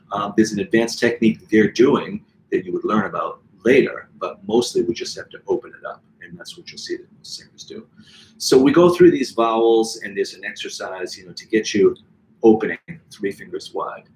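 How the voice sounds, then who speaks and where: Teaching voice online, this middle-aged Boston-area man, who speaks with a Boston accent, keeps stopping to sing examples. He talks at a moderate pace in a lowish, expressive, slightly mellow voice over poor audio.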